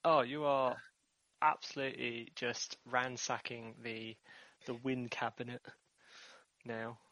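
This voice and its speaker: A man's voice: medium pitch, little pitch movement, slow pace, fairly bright tone, no echo, poor audio. A man co-hosting a podcast in casual chat, teasing and laughing often. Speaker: podcast co-host.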